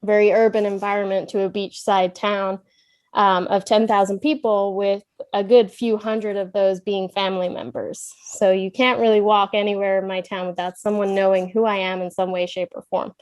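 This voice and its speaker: A woman's voice: mid-range voice, little pitch movement, normal speed, a little mellow, dry recording. A woman from Ireland, raised in London, with a light Irish accent, chatting as a guest over a video call and telling stories with easy laughs. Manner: chatty storyteller, laughs easily. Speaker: guest, events manager. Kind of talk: remote interview conversation.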